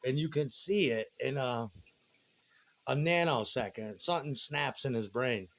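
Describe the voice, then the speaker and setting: A man's voice: mid-range voice, a little slow. A man in his forties rambling casually in a monologue, laid-back and meandering, with frequent swearing. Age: 40s.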